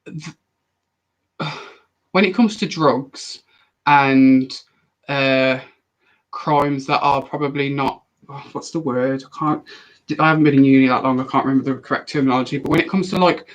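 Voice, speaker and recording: A young man chatting casually on a live stream, answering viewer questions in a rambling, animated way with frequent restarts. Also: mid-range voice, normal speed, pauses often, poor audio.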